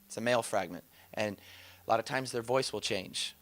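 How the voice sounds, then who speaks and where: A man leading a teaching session, his voice bright and forceful. He tells anecdotes eagerly and laughs often. His delivery is loose and conversational. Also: fairly low pitch, a little fast. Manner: enthusiastic storytelling, laughs often.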